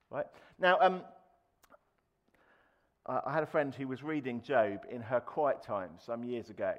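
A man's voice: mid-range voice, a little slow, lo-fi sound. A man preaching a sermon in a conversational way, with fillers and restarts, raising his voice to act out quoted lines. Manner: acts out quoted speech with raised voice.

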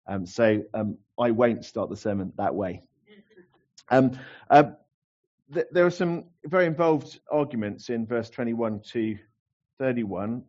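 A man's voice: mid-range voice, expressive, a little slow, darkish tone, lo-fi sound. A man in his forties preaching a sermon to his congregation in a chatty, self-deprecating way, with many fillers and restarts. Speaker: pastor.

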